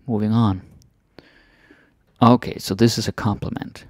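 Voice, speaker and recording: A man teaching a casual language lesson, chatty and relaxed, repeating phrases slowly and then at full speed. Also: on the low side, dry recording, clean studio sound.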